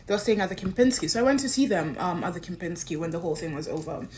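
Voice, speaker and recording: Animated woman telling a story. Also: fairly low pitch, racing, slight background noise. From Kenya. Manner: animated, swings between excited and subdued. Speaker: influencer. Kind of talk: personal storytelling.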